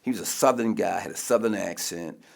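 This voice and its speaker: A man's voice: on the low side, fairly quick, vocal fry. A middle-aged man from Baltimore, a mayoral candidate, telling a personal story emphatically in a preacherly way and often restarting his words. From Baltimore, USA.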